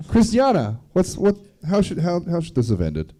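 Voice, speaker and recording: A man's voice: on the high side, big pitch swings, slow, warm tone. A man hosting a live comedy show, playfully calling on guests by name.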